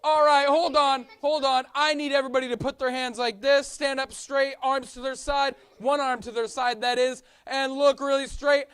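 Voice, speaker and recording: A woman teaching a children's Sunday school class, coaxing the kids, singing and shouting along with them in a church classroom. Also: high-pitched, fairly even intonation, normal speed, hardly any pauses, smooth. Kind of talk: leading kids in song and chat.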